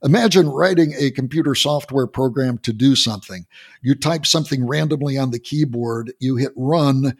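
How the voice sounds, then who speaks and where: A man hosting a podcast interview, explaining in a halting way and often restarting and repeating words. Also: medium pitch, husky. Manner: storytelling, earnest explaining. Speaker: podcast host.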